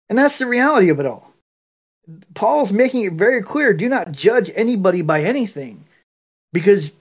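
A man's voice: high voice, animated, normal speed, slightly rough. Earnest, preachy man on a muffled call. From Georgia, US. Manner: earnest, preachy, with restarts and acted-out quotes. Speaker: bible study participant. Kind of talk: impassioned sharing in an online bible study.

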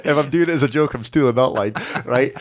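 A Scottish man chatting on a podcast as a regular, bemused and self-deprecating as he tells his stories. His voice sits at an ordinary mid pitch. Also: quick pace. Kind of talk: casual chat.

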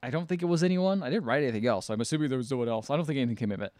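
A man co-hosting a casual podcast, recapping a film in a relaxed, rambling way with swearing. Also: medium pitch, rapid-fire, no echo, studio quality. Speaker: podcast co-host. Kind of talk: casual chat.

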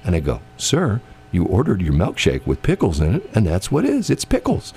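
A man's voice: deep voice, a little fast, slight background noise. A man telling a story in casual chat, acting out the people in it and laughing often. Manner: animated, acts out quoted voices, laughs often.

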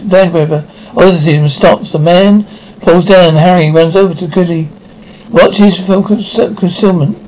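Give me a man casually reading out a script, a little high-pitched. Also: a little mellow, rough recording. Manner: reads stage directions plainly, with slips.

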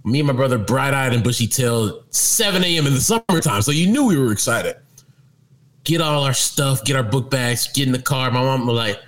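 A man telling a childhood story in casual chat, animated and laughing, protesting indignantly when challenged. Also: mid-range voice, normal speed, low-quality recording. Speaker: storyteller guest.

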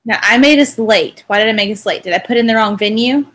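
Husky high-voiced giggly woman. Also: quick pace, a bit bright. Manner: giggly, chimes in. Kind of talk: casual chat.

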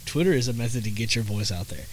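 A man's voice: medium pitch, expressive, quick pace, a little hiss or hum, low-quality recording. A man with a Southern American accent hosting a podcast in a casual, rambling monologue, repeating himself and using lots of fillers. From Southern United States. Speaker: podcast host.

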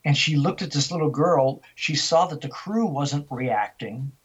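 A man's voice: fairly high pitch, measured pace, breathy edge, highs cut off. An older man, a guest on an interview show, telling vivid stories and acting out the dialogue. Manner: vivid storyteller who acts out dialogue. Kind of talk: storytelling interview.

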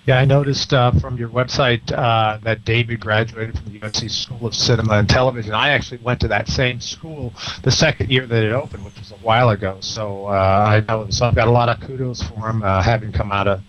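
A man's voice: lowish voice, steady tone, a little fast, hardly any pauses, fairly bright tone. A man hosting a casual radio interview show, rambling with many fillers and restarts. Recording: dull lo-fi sound with faint noise.

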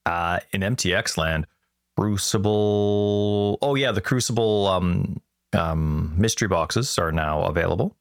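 A man co-hosts a podcast with a somewhat low voice. He rambles and jokes his way through casual chat. The recording is dry, with no room sound. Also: unhurried, smooth, no room sound. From Canada. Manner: rambling, joking storyteller. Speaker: podcast co-host.

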